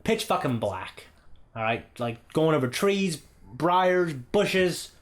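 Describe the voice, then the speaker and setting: A man's voice: fairly high pitch, takes it slowly. Profane man in his thirties telling stories. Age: 30s. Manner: profane, animated anecdote with frequent "okay?" asides. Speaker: podcast co-host. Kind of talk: casual storytelling.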